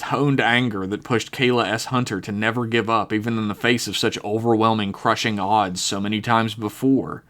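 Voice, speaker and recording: Low-voiced man narrating a tabletop game. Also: fairly bright tone. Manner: dramatic, swearing, laughs often. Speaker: game master.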